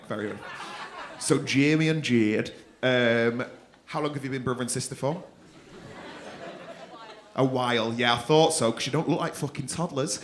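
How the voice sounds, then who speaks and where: Audience laughter fills a comedy club as a stand-up comedian with a mid-range, slightly bright voice works the crowd. He teases people with a cheeky manner and swears.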